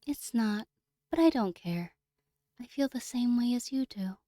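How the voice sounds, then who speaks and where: A woman voicing a gentle, teasing young female senpai in a game, soft-spoken and playful. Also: on the high side, animated, measured pace, no room sound, clean studio sound, pitched above the performer's own voice. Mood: calm teasing.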